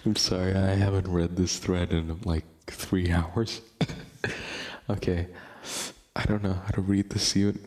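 A man's voice: deep voice, flat delivery, unhurried, a little mellow. A young man hosting a casual late-night podcast, rambling, laughing often and swearing casually. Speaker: podcast host.

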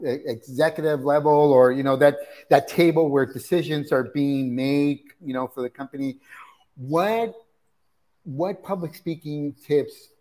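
An interview host asking a question in halting phrasing, with many fillers and restarts. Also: medium pitch, mellow, rough recording. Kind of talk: interview questions and short backchannel replies.

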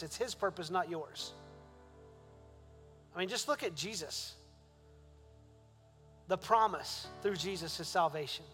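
Man preaching, higher voice, reverb. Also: animated, a little slow, pauses often, soft background music. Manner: rising to emphatic questions, then soft prayer. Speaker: pastor. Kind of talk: sermon.

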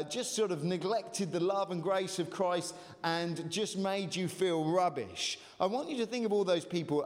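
A male pastor preaching a lively sermon to a congregation, urging them to call out, with frequent fillers and restarts. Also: a little high. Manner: animated, urges congregation to call out. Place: church hall. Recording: long hall reverb.

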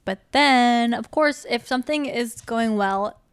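A woman's voice: on the high side, unhurried, clean tone, no echo. A young woman in casual podcast chat, retelling a movie plot with quoted lines and frequent laughs. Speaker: podcast co-host. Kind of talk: casual film recap chat.

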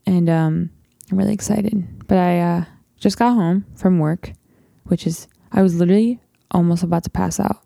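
A woman's voice: lowish voice, steady tone, moderate pace, vocal fry, dark tone, no echo, studio quality. A teenage girl hosting her own show in a casual, rambling chat, often saying "literally.". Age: teens. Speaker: host.

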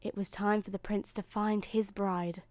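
A woman narrating a bedtime story with a slow, soothing manner. Her voice sits at an ordinary middle pitch, recorded close and dry. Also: flat delivery, a little mellow, no room sound. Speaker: host and storyteller.

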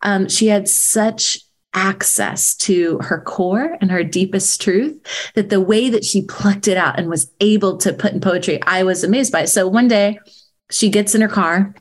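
A woman who teaches poetry, telling a story in casual chat with a frank, animated way of talking, full of "like" and the odd swear word. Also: mid-range voice, a little slow.

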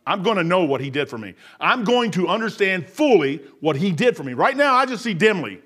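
A man preaching a folksy, animated sermon, acting out voices and laughing as he goes. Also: sits high, a little fast, slightly rough. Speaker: lay preacher.

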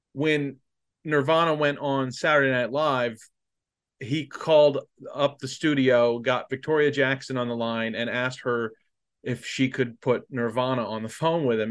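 A man co-hosting a podcast, telling stories animatedly and laughing as he retells them. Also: medium pitch. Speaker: podcast co-host. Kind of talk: casual chat, storytelling.

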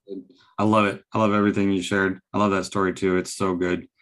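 Low-voiced man giving encouraging replies. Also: little pitch movement, fast. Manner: warm encouraging listener, short affirmations. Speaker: podcast host. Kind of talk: casual conversation.

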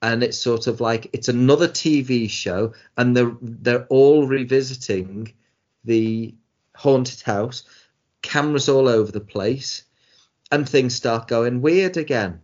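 A man's voice: mid-range voice, slow, a little mellow. A man co-hosting a casual chat about TV shows, rambling with many restarts and sounding exasperated. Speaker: podcast co-host. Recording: dull lo-fi sound.

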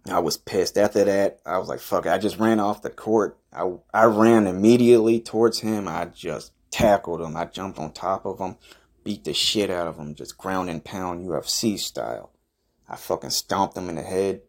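A young man hosting a podcast, telling an absurd, profane, boastful story in a rambling deadpan way. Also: sits low, moderate pace, vocal fry. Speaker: podcast host.

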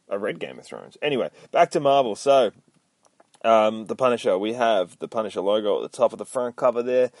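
A man's voice: on the low side, darkish tone, dry recording. Rambling, swearing man. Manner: swears a lot, rambling and self-mocking. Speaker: podcast host. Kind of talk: casual comic book recap.

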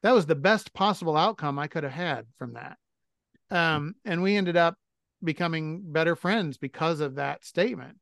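A man's voice: a little high, normal speed, gravelly, fairly bright tone, no echo, studio quality. A middle-aged man co-hosting a podcast, telling stories in a blunt, profane, self-mocking way. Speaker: podcast co-host. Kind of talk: casual chat.

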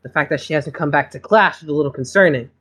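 A woman's voice: low-pitched, quick pace, fairly bright tone, husky. A woman voicing a serious young male duelist, curt and stern.

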